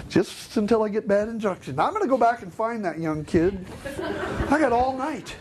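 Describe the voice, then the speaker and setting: A man's voice: extremely high pitch, brisk, a little hiss or hum. A middle-aged man giving a live customer service training seminar, joking and acting out customers. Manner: animated, joking, acts out customers.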